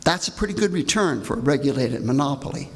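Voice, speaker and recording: An older man with a gravelly voice, reading a pointed, indignant prepared comment at a public hearing. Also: medium pitch, sing-song, fast. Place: large hall. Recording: reverberant hall.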